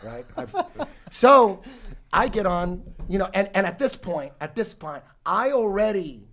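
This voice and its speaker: A man in his forties telling a long story in casual talk, rambling and animated, swearing often and restarting his sentences. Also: sits high, unhurried. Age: 40s. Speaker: podcast guest telling a story.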